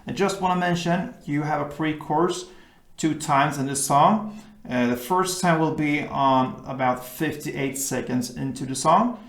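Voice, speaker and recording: A man with a gravelly, creaky voice talks unhurriedly through an acoustic guitar tutorial. He explains each chord shape patiently, one step at a time. The room adds a noticeable echo around him. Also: a little high, a little slow. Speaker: guitar teacher.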